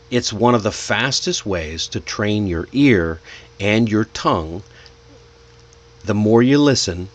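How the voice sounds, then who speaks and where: Animated, slow-paced male English teacher. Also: mid-range voice. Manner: energetic, demonstrative, encouraging, stretches out example words. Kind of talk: teaching lesson.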